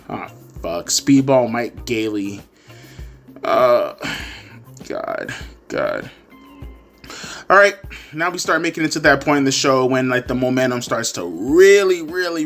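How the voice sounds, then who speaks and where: A man's voice: medium pitch, fairly bright tone. A man giving crude, sarcastic, profanity-laced commentary as he reviews a wrestling show. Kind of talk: ranting commentary.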